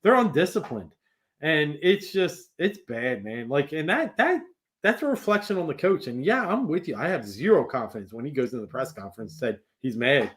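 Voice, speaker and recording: A man's voice: fairly high pitch, big pitch swings, fairly quick, a bit bright. A man, co-hosting a casual sports podcast. He rants in frustration in a slightly raised voice. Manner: frustrated, ranting. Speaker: podcast co-host.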